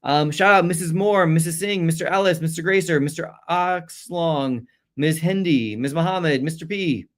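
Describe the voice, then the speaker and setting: A man hosting a casual live-stream exam review, chatting, rattling off viewer shout-outs and stumbling over names with quick apologies. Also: fairly high pitch.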